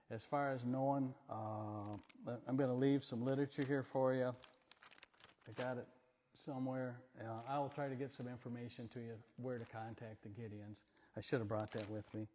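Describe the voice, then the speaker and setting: A man of average pitch talking to a congregation in a folksy, rambling way, with homespun anecdotes and light jokes. His voice carries a long reverb through the church hall. He sounds like a plain-spoken visiting speaker rather than a trained preacher. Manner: rambling, homespun, gently joking. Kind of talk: folksy storytelling talk in church. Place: church sanctuary.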